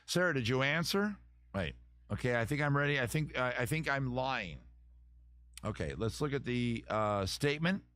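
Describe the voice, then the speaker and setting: A man's voice: medium pitch, lively intonation, normal speed, fairly bright tone, no echo. A middle-aged man hosting a casual live stream, answering viewer comments in a rambling way, often restarting sentences and swearing casually.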